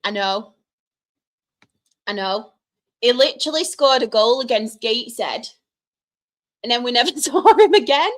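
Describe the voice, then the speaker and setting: A young woman from Manchester with a Mancunian accent chats on a live stream, answering her viewers' questions. She laughs often and keeps up friendly banter. Her voice sits a little higher than most women's. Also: expressive, measured pace, pauses often. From Manchester, England. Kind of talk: casual live-stream chat.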